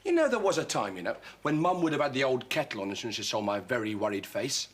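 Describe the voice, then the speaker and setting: An actor playing Wilfred, a self-pitying grown son who runs a theatre, in 1970s TV sitcom acting. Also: male voice, medium pitch, big pitch swings, fast, slightly rough. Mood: worried. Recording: noisy old TV soundtrack.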